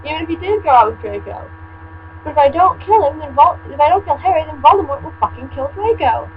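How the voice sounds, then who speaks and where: A sulky goth teenage girl complains in an exaggerated, mocking melodrama, as a woman reader puts her on. Her voice sits a little high. A clear mains hum runs behind her. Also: expressive, fast, dull audio. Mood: whiny.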